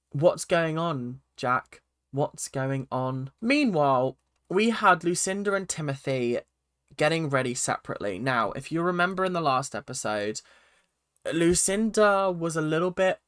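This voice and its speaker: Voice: medium pitch, fairly bright tone, dry recording, studio quality. A speaker giving a casual, chatty recap of a reality TV episode and acting out quotes in silly voices. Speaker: reality TV reaction vlogger.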